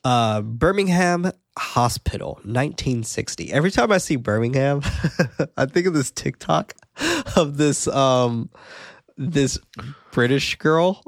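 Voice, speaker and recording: A man's voice: mid-range voice, expressive, measured pace, creaky, no echo, clean studio sound. A man co-hosting a podcast, casually recapping a film's plot, laughing often and swearing. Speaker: podcast co-host. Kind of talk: casual film recap chat.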